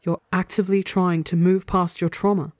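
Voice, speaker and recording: A reader voicing a gentle, soothing young man. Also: medium pitch, steady tone, moderate pace, no room sound, clean studio sound, natural voice. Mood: tender. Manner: soft and reassuring. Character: gentle, loving young man comforting his partner.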